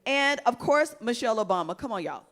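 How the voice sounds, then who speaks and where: A woman's voice: fairly high pitch, lively intonation, fairly quick. Emphatic woman hosting a panel talk. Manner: emphatic, addresses panel directly. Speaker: talk show host. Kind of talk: panel talk show discussion.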